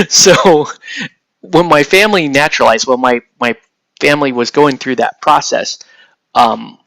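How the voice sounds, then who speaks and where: An American man painting miniatures on a livestream chats loosely with his live chat as he works, rambling from topic to topic and cursing casually now and then. His middle-pitched voice is fairly bright and a little slow, with long pauses. The recording is dry and close, free of room echo.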